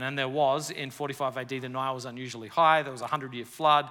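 A man preaching a sermon to a live audience, lively and storytelling, with jokes. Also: medium pitch, brisk. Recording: reverberant church hall.

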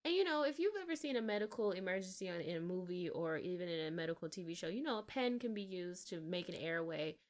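Blunt, slangy woman recapping a movie. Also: lowish voice. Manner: blunt, slangy, quick to call characters names. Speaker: podcast co-host. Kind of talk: casual movie recap chat.

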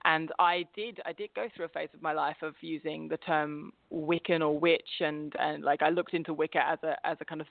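A woman from England with an English accent tinged by an Australian twang, an expressive guest in a casual interview who laughs often. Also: low-pitched, a little fast, vocal fry, few pauses, no echo. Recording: tinny phone line.

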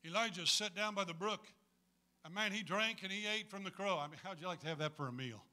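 A man's voice: sits high, quick pace, bright, forceful tone. A man preaching a sermon to a congregation in a folksy, humorous way, calling on them to answer back.

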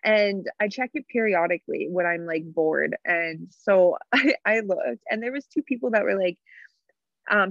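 A woman's voice: medium pitch, moderate pace, creaky, no echo, lo-fi sound. A woman co-hosting a podcast, telling stories in a giggly, casual chat. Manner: giggly storyteller. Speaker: podcast co-host.

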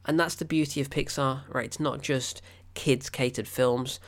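A man's voice: medium pitch, fairly even intonation, normal speed. A man, gushing and rambling in a casual film review. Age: 20s.

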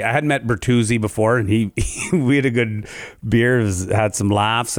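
A comedian from Canada telling a story in casual chat, jumping into high voices to act out other people. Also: male voice, normal speed, no room sound, studio quality.

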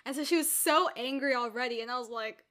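A young woman in casual chat, chatty and opinionated with quick asides. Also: sits high, bright, forceful tone.

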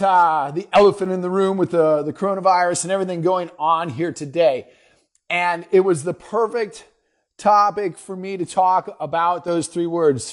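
A middle-aged man, a dentist hosting his own show, giving an energetic, emphatic motivational talk. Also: high-pitched, measured pace. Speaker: dentist and podcast host.

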